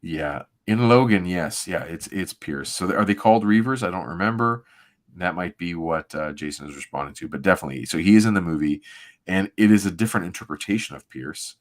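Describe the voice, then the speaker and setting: A man's voice: deep voice, animated, brisk. A man co-hosting a comic reading show, talking casually and enthusiastically into a desk microphone and reading narration aloud. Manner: chatty, enthusiastic, self-correcting with laughs. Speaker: podcast co-host reading comics.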